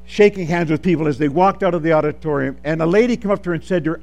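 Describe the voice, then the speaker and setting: A man preaching a sermon, calling for amens and swinging between soft asides and loud, drawn-out lines. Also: a little high. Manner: animated, calls for amens, swings from soft to shouting.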